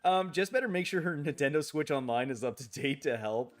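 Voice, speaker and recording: A man's voice: a little high, lively intonation, fairly quick. A man streaming a game late at night in casual chat, rambling, restarting his sentences, grumbling at the game and answering viewer comments aloud.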